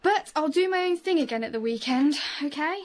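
A picky, principled young daughter. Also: female voice, high voice, lively intonation, brisk. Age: young adult. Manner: pointed, defensive.

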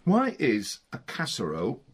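A man's voice: medium pitch, huge pitch swings, a little slow, a little hiss or hum. An actor playing a hearty, middle-aged farming father in a radio drama, keeping the peace at the dinner table. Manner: jovial, soothing. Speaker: farmer and father.

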